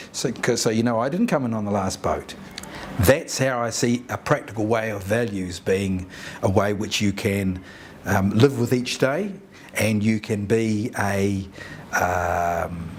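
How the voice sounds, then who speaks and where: A man's voice: lowish voice, slight background noise. A New Zealand man speaking reflectively on Maori values, who often acts out both sides of a conversation. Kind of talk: reflective talk with acted dialogue.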